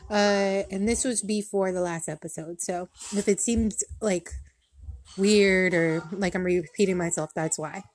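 Recorded in a park, this thirtysomething podcast host rambles through a casual chat full of fillers, slightly breathless. She speaks at a mid-range pitch, a bit slowly, in a steady, somewhat dark tone.

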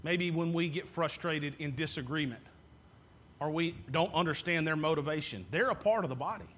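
High-voiced man preaching a sermon. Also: normal speed, a bit bright, slight background noise. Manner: asks the congregation questions and answers them himself. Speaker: pastor.

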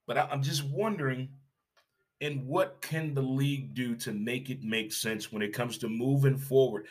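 A man delivering an animated, opinionated sports rant, emphatic and repetitive, with rhetorical questions and blunt, casual swearing. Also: medium pitch, moderate pace. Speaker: sports commentator.

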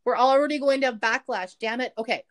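A young woman co-hosting a casual podcast, her voice sitting a little high. She talks loosely and chattily, laughs often and leans on "like" between thoughts. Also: fast talker. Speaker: podcast co-host.

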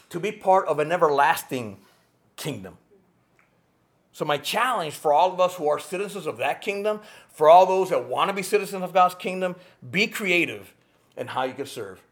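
A man preaching a sermon with passion, rising to near shouts and dropping to quiet, earnest tones. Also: on the high side. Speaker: pastor.

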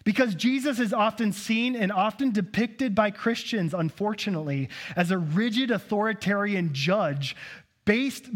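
A man preaching a sermon as pastor in a church, conversational and joking with asides. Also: high voice.

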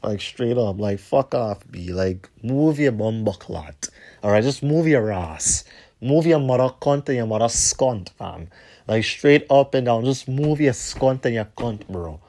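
A man telling a rambling story as a podcast host, heated and profane, repeating himself and trailing off low at the ends of lines. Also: expressive, measured pace, mellow.

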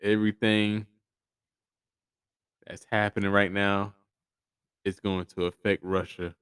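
A man's voice: low-pitched, a bit bright, smooth, no room sound. A man hosting a podcast with blunt, profane commentary, frequent stammered restarts. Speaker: podcast host. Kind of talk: casual solo commentary.

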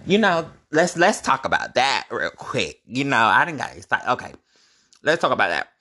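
Young guy with a bright, forceful voice, spilling a story to his followers, cussing a lot and yelping up high when he's shocked. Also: moderate pace. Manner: animated and profane, with sudden high-pitched exclamations. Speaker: vlogger. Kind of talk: casual storytime monologue.

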